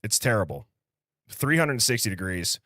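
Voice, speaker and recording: A man's voice: on the low side, very animated, no echo, clean studio sound. A man with a Midwestern accent hosting a livestream, casually greeting viewers and reading comments in an upbeat, chatty way. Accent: American Midwest. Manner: upbeat, chatty, quick shout-outs with light laughs. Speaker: livestream host.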